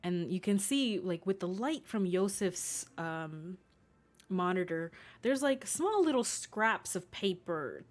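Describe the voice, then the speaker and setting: A woman narrating as game master, describing scenes in a hesitant way with many fillers. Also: on the low side.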